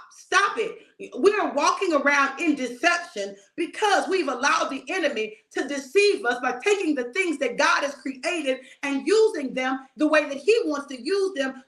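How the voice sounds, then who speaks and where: A woman prophetic minister preaches a casual sermon, speaking emphatically and directly to her listeners. Her voice sits high with a fairly bright tone, and the room sounds echoey.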